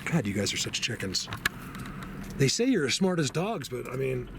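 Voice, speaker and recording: Male outdoor vlogger, excitable and chatty, hand-held camera mic, clear wind and outdoor noise. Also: moderate pace. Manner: excitable, talks to animals in a high baby voice, drops to hushed tones. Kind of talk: casual walking vlog. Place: outdoors on a trail.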